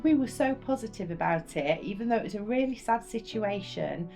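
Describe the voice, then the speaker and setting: A middle-aged mother speaking earnestly in a documentary interview, her voice mid-pitched and plain. She reflects slowly and sincerely, with faint music beneath. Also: animated, creaky, darkish tone.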